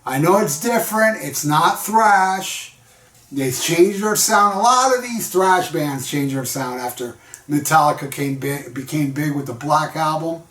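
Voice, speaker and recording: A man's voice: fairly high pitch, measured pace, a bit bright, reverberant, recorded from a distance. A man giving a casual, rambling album review in a laid-back storytelling manner, full of slang. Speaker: music vlogger.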